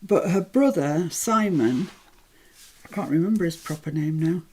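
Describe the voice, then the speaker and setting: An English woman runs a live crafting demonstration, talking through each step in a chatty, self-deprecating way. Her voice sits a little low with a soft breathy edge. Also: lively intonation, unhurried. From England. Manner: chatty, self-deprecating, thinks aloud while working. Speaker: craft tutorial host.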